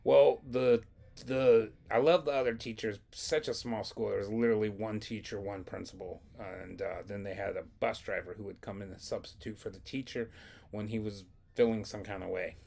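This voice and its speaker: A man's voice: lowish voice, steady tone, moderate pace, creaky, a little mellow. A young man casually telling a long, rambling, profane story from his school days in a vlog. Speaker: vlogger.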